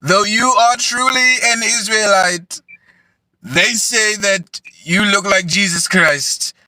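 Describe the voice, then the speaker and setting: A man's voice: high-pitched, slow, sharp tone, no echo, voice pushed up, full character voice, low-quality recording. A man voicing a curt male military recruitment official, speaking in a stiff, formal way.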